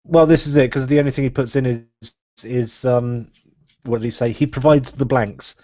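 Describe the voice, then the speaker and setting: Casual guy rambling on a live podcast, mellow tone, lo-fi sound. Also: mid-range voice, steady tone, normal speed, no echo. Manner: rambling, laughs often. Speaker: podcast host. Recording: dull lo-fi live stream audio.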